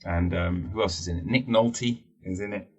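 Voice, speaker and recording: Casual guy on his podcast, deep husky voice, rambles, swears, cracks jokes. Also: moderate pace, darkish tone. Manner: rambling and jokey, swears freely. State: wearing teeth-straightening trays. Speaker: podcast host. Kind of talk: casual solo podcast chat.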